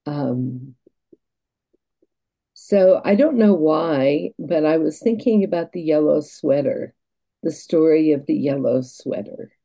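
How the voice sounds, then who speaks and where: A woman guest telling stories and reflecting, in an earnest, halting way with restarts. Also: deep voice, lively intonation, dark tone, low-quality recording. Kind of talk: reflective storytelling.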